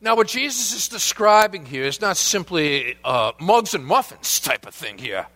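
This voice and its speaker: A man preaching a sermon, asking the congregation questions and dropping to a hushed voice at times. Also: high-pitched, big pitch swings, normal speed. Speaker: pastor.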